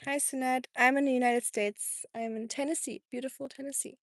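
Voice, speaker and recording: German-accented woman doing a live stream, slightly high voice, laughs a lot, dry close sound. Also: fairly even intonation, a little fast, no room sound. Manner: chatty, reads and answers viewer comments, laughs often. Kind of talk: casual live-stream chat. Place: home in Tennessee.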